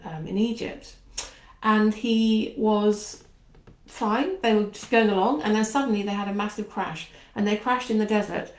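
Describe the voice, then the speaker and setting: Chatty woman in an echoey conservatory. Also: mid-range voice. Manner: chatty and meandering, with frequent asides. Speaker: channel host. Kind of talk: casual talk before a book reading. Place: home conservatory.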